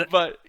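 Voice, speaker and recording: Bright, loud, profane man teasing. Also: high voice. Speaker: co-host. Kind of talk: casual podcast banter.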